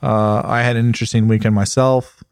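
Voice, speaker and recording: A man, a motorsport journalist, chatting casually on a podcast and telling rambling, animated stories full of fillers. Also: mid-range voice, a little fast, clear, resonant tone, dry recording, studio quality.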